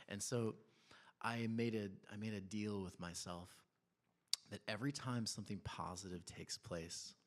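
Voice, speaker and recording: A man in his thirties preaching a sermon in a church, telling family stories in a conversational, animated way with laughs and quiet asides. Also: deep voice. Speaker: pastor.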